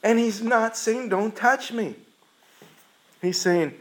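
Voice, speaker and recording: A male preacher delivers a sermon with earnest emphasis. His voice sits a little high for a man, and he moves through the story at an unhurried, deliberate pace. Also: low-quality recording.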